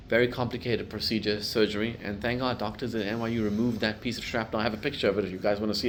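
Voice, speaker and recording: A middle-aged man, a rabbi, giving a class to a live group, telling stories and building to loud emphatic peaks. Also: on the low side, a little hiss or hum.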